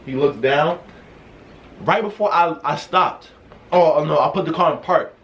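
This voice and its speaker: A young man telling a casual storytime vlog, excited and rambling, restarting his sentences often. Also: fairly high pitch, moderate pace, muffled recording. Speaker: vlogger. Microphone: wearing a mask while talking.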